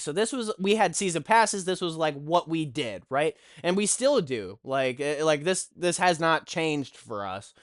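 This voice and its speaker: Slow, crisp-voiced young man ranting. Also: fairly high pitch, dry recording, studio quality. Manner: animated, swears constantly, exasperated. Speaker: vlogger telling a story. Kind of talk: profane ranting storytime.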